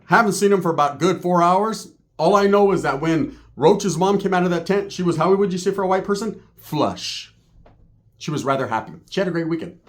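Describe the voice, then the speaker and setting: A man's voice: high-pitched, fairly quick. A man telling a comic story in a casual, profane way, acting out what people said. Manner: profane, animated, acts out quotes.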